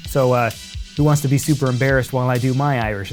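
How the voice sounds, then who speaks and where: A man's voice: mid-range voice, steady tone, fast, soft background music. A man hosting a podcast, joking sarcastically with lots of swearing in casual comedic chat. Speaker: podcast host.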